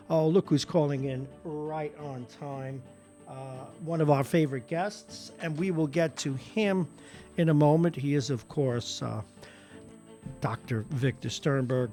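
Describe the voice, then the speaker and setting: An older man hosting a morning radio show, talking in an animated, rambling way. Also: on the high side, measured pace, soft background music. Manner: animated, rambling, repeats words. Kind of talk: casual radio talk. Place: radio studio.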